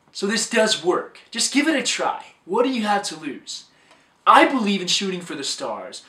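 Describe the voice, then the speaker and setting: A man's voice: high voice, sharp tone, far from the mic. A man giving an upbeat, scripted talk as a dating coach, recorded in an echoey room a little way from the microphone.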